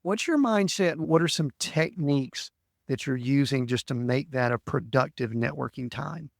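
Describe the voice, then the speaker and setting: Male host, easygoing mid-pitch voice, dry studio sound. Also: moderate pace, creaky, no echo. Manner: conversational, leads questions with fillers. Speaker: podcast host. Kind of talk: interview conversation.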